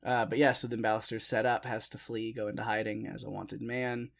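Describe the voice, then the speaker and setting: A young man co-hosting a podcast, talking through a film in a relaxed, rambling way with plenty of fillers. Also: on the low side, brisk, vocal fry. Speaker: podcast co-host. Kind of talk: casual film discussion.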